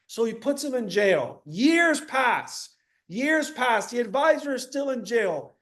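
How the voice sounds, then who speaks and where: High-energy motivational speaker guy from miami, high voice, keeps repeating lines, quizzes the crowd. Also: animated, unhurried, fairly bright tone. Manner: high-energy, repeats key phrases, asks the audience questions. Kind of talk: motivational talk to an audience.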